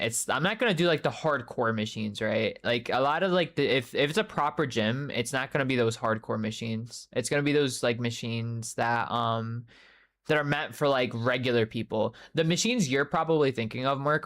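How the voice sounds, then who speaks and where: Young dude streaming, just rambling w chat, swears a lot, says like and um constantly, normal mid voice. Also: male voice, mid-range voice, fairly bright tone. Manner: rambling, loose and profane, many fillers; answers chat messages by name mid-story. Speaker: livestreamer reading chat. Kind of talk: casual live-stream chat.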